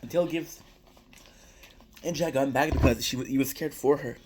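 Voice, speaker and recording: A man's voice: mid-range voice, normal speed, noisy background. A young man giving a casual, rambling recap of a TV episode, swearing freely and often restarting his sentences. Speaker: show reviewer.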